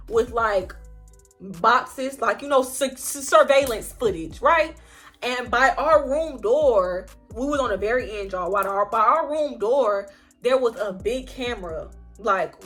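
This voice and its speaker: A young woman telling a story in a casual vlog, animated and chatty, with frequent swearing. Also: fairly high pitch. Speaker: vlogger.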